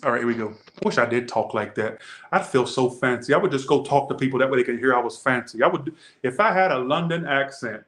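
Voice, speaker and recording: Blunt joking Southern man, echoey room. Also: medium pitch. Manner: animated, blunt, joking, swears freely. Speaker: tarot reader. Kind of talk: casual tarot reading.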